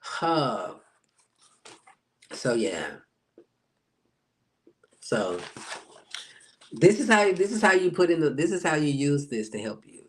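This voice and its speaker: A man's voice: on the high side, sing-song, slow, long pauses, slight background noise. Chatty man talking astrology live. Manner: chatty, answers viewers by name, acts out quoted reactions. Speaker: spiritual life coach. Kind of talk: casual live-stream astrology talk.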